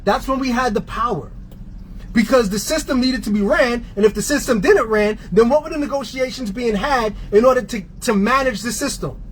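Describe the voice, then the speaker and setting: A man's voice: very high voice, brisk, a little hiss or hum, low-quality recording. A man from New York, a transit union member, delivering a fiery, sarcastic rant full of rhetorical questions. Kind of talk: impassioned rant.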